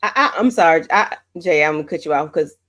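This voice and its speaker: A woman's voice: deep voice, animated, fast, fairly bright tone. A woman on a casual show-discussion panel, emphatic and chatty. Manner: emphatic, chatty, reacts with mm-hmms. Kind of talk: casual chat about a TV show.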